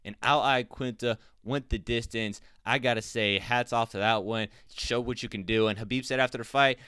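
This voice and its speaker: A man's voice: mid-range voice, fairly quick, a bit bright, clean tone, no room sound. A man giving blunt, profane, opinionated commentary on a fight in a casual vlog. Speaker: MMA commentator.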